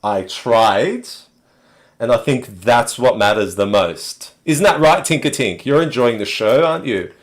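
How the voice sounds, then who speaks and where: An Australian man hosting a casual live chat stream and talking to viewers in a relaxed, rambling way with many fillers. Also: mid-range voice, measured pace.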